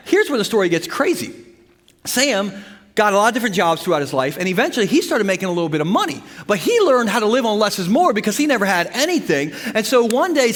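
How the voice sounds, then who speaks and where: A male pastor preaching a sermon, his high voice ringing with long reverb through a church sanctuary. He tells stories in an animated, humorous way with sudden bursts of emphasis. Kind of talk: sermon with storytelling.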